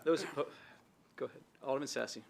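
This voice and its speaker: A man's voice: medium pitch, gravelly. A man serving as mayor, chairing a council meeting in a businesslike way. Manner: brisk, businesslike. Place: city council chamber.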